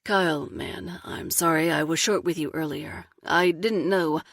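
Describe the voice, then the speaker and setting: A man's voice: a little high, fairly even intonation, a little slow, a bit bright, dry recording, clean studio sound. A woman doing an earnest, direct man. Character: earnest man apologizing, speaking from the heart.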